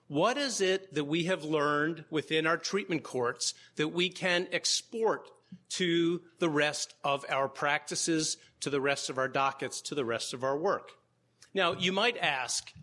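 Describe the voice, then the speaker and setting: A law professor and conference co-organizer, a man with a slightly high, pushed and bright voice, gives opening remarks to a live audience in a lecture room. He adds wry, humorous asides along the way.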